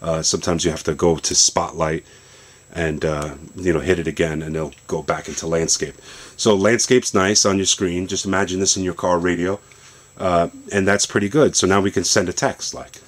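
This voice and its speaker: Very low-voiced man demonstrating phone tricks. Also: moderate pace. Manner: relaxed, rambling explanation with many fillers and restarts. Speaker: tech video host. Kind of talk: casual tech demonstration. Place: basement.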